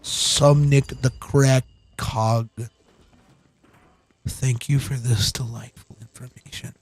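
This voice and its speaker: A man's voice: mid-range voice, fairly even intonation, takes it slowly, long pauses, faint music behind. A man giving casual gameplay commentary, rambling, giggly and self-deprecating. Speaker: gaming channel host.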